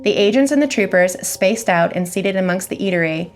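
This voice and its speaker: A woman reading a scary story aloud as its narrator, in a measured, even storytelling manner. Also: medium pitch, faint music behind. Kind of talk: scripted horror story reading.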